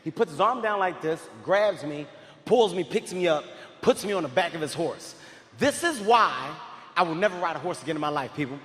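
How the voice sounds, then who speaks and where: A man in his forties doing stand-up comedy, telling a story in an animated, often shouting, profane way on stage at a large live venue. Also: fairly high pitch, fairly quick. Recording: echoey hall with crowd ambience.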